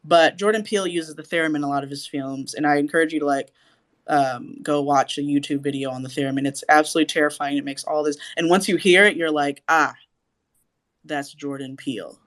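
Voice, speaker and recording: Woman, podcast co-host, casual chat, animated, cursing, acts out her reactions. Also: low-pitched, fast talker.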